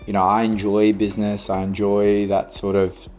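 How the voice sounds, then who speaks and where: A man in his thirties with an Australian accent, hosting a casual podcast chat, slangy and quick to laugh. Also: lowish voice, faint music behind. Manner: animated, laughs often, slangy. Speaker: podcast host.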